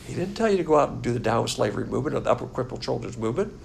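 A man's voice: medium pitch, rapid-fire, vocal fry, slight background noise. An older man teaching a Bible class as a pastor, blunt and scornful in manner. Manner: blunt, scornful, animated lecturing.

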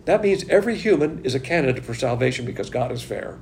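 Male Bible teacher, gravelly and lively in pitch, emphatic conversational preaching, faint rumble behind. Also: fast. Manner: emphatic, conversational, with rhetorical questions. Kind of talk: Bible study sermon.

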